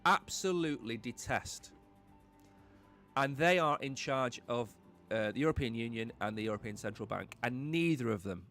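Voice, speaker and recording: A man's voice: mid-range voice, a bit bright. A man hosting a live-stream crypto market show, talking in an emphatic, blunt, opinionated way.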